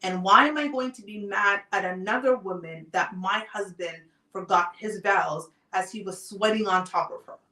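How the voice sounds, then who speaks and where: Calm woman host telling a story. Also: mid-range voice. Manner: calm, deliberate personal storytelling. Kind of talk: live talk show monologue. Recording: roomy sound, off-mic distance.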